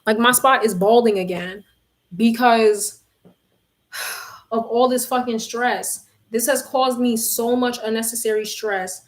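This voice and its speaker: A woman's voice: fairly high pitch, steady tone, slow pace, roomy sound. A young woman vlogger venting frankly to her phone camera, swearing and addressing her viewers as y'all. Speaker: vlogger and tarot reader.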